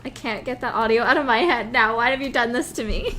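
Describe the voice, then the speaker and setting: A woman's voice: on the high side, expressive, measured pace, pauses often, sharp tone, faint music behind. Giggly woman chatting on a live stream. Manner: giggly and rambling. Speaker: game developer streaming live. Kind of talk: casual live-stream chat.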